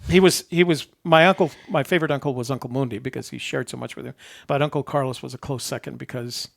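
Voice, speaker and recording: Older new guy with a gravelly voice, rambling and chuckling as he chats. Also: medium pitch, fairly even intonation, fast talker. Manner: rambling storyteller, chuckles at himself. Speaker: show host. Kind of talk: casual chat.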